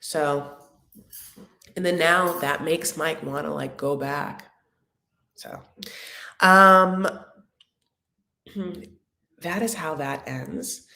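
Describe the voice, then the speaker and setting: A woman's voice: low voice, drawn-out words, creaky, pauses often, sharp tone. A woman hosting a live chat recap of a reality show, sassy and chatty, calling her viewers honey. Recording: echoey room.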